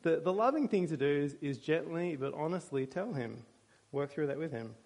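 A man's voice: on the high side, animated, normal speed, a little mellow. A male pastor preaching a sermon in a church, conversational and with dry humor.

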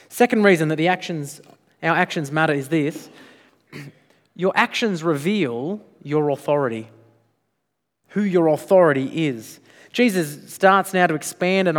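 A man preaching to his congregation in a church sanctuary, his voice sitting slightly high for a man. He presses his points hard and keeps tossing rhetorical questions back at the listeners. The sound carries a long reverb tail from the large room. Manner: emphatic, with frequent rhetorical questions. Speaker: pastor. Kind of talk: sermon.

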